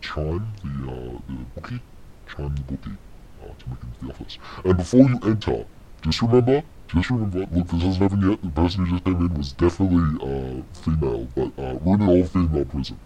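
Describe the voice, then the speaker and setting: A man's voice: sits low, lively intonation, a little fast, warm tone, breathy edge, pitched below the performer's own voice, low-quality recording. A man voicing a hesitant announcer calling prisoners over an intercom in improvised comedy. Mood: stumbling.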